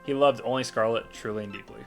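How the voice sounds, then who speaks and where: A man's voice: medium pitch, fairly even intonation, fast talker. Man reading game dialogue aloud, faint music. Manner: reads dialogue with light dramatic lilt, stumbles and corrects words. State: coughing at times.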